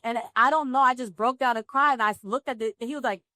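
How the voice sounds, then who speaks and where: An animated woman from New Jersey, telling her story as an interview guest with a fairly high, lively voice. She acts out the dialogue as she goes, and her voice sits close and dry on the mic. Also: fast, no echo. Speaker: guest actress. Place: live pop-up event at a film festival.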